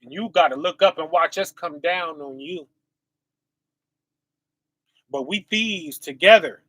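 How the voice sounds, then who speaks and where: A man's voice: on the high side, fairly bright tone, no room sound. A male preacher, reading scripture and asking his listeners "right?" as he goes. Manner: call-and-response asides, often asking "right?"; reads verses slowly and drawn out.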